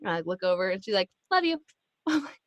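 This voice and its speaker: A woman in her thirties, a podcast guest, telling a family story in a casual, animated way and acting out the voices of people she quotes. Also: medium pitch, a little fast, dry recording. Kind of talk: casual chat.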